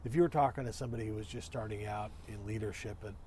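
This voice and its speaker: Low-voiced man hosting an interview. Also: rapid-fire, mellow, slight background noise. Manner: encouraging, rambling questioner who reacts with short laughs. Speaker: interview host. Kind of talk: casual interview questions.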